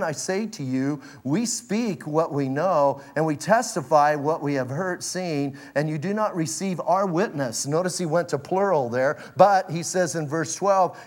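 A man preaching a lively, casual sermon full of slang and acted-out asides. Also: a little high. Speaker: pastor.

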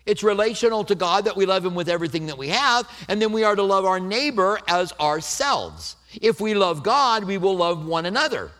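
A middle-aged male pastor preaching in a relaxed, conversational way, with bits of self-deprecating humor. His voice sits a little high and moves through a very lively, swinging melody. He goes from warm explanation to light storytelling without losing the sermon's thread. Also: fairly quick, few pauses.

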